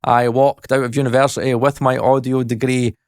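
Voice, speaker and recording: A man's voice: medium pitch, flat delivery, a little fast, darkish tone, no room sound, studio quality. A Scottish man in his thirties rambling self-deprecatingly in a casual vlog, laughing often. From Scotland. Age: 30s. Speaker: YouTuber and mixing engineer.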